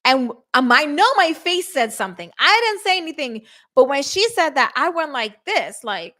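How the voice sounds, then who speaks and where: A middle-aged woman host telling a story casually to her listeners, animated and acting out quotes with shifts in her voice. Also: high-pitched, normal speed. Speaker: podcast host.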